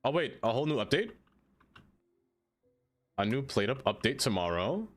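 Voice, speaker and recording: A man's voice: medium pitch, big pitch swings, normal speed. A man streaming a city-building game, chatting casually with viewers in a playful, teasing way. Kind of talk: casual live-stream chat.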